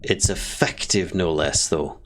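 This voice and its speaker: A man's voice: sits low, unhurried, background noise, pitched below the performer's own voice. A man voicing a dwarf woman who is a businesslike guard selling protective wards, in a tabletop game. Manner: businesslike, folksy talk. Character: dwarf woman, brisk guard and ward-seller.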